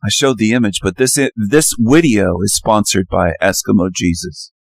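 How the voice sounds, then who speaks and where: A man with a low-set voice monologues over a slideshow of images, circling back to the same phrases and jumping into loud, emphatic bursts. The sound is dry and close, with no room around it. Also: animated, moderate pace, dry recording. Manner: ranting, repetitive, emphatic bursts. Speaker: channel host.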